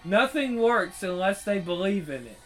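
Male channel host, high-pitched, profane rambling delivery, faint music behind. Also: big pitch swings, normal speed, fairly bright tone, poor audio. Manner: rambling, profane, frequent restarts. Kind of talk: casual commentary.

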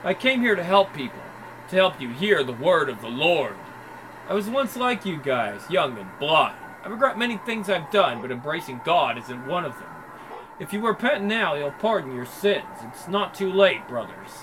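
Guy doing a big soft preacher guy, deep slow gentle voice, bit of hiss behind. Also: sing-song. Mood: earnest. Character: big soft-spoken older male preacher.

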